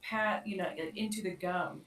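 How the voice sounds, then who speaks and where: A woman's voice: on the low side, moderate pace, recorded from a distance, a crowd in the background. A woman co-hosting a podcast, telling a story in a chatty way with many fillers and quoted lines. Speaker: podcast co-host. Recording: echoey room, off-mic.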